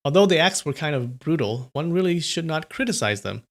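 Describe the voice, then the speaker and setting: A man reading a translated martial arts novel aloud on a livestream, steady, with small slips and corrections. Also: on the high side, brisk. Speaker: reader on a livestream.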